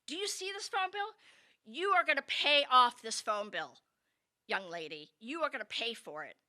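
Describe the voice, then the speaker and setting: A woman's voice: high voice, lively intonation, normal speed, sharp tone, full character voice. A woman voicing her stern, pious grandmother scolding a teenage granddaughter. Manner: scolding, repeating herself.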